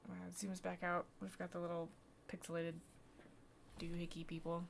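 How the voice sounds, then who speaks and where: A woman's voice: lowish voice, completely flat delivery, moderate pace, vocal fry, a little hiss or hum. A woman streamer reading a story game aloud, with chatty, amused asides between the lines.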